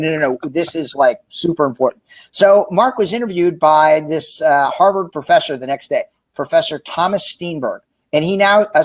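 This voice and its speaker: Animated storytelling man, higher voice. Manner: animated, acts out quoted dialogue, jokey. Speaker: author and sales executive. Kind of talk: casual interview storytelling. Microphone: remote livestream call.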